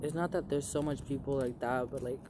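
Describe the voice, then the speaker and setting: A man's voice: medium pitch, a little fast, noisy background. A young man telling a long personal story to his viewers in a rambling, profane way, full of "like" fillers. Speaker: vlogger. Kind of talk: casual storytelling to camera.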